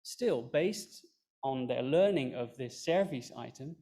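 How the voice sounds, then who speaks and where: A man presenting research findings at a conference, explaining in a relaxed way with fillers and dry asides. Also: medium pitch, takes it slowly. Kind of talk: recorded academic talk.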